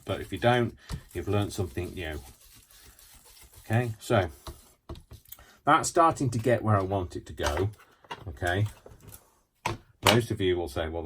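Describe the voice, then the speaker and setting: Deep-voiced chatty man. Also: a little hiss or hum. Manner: chatty, rambling, self-mocking asides. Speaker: craft tutorial host. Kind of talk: casual craft demonstration.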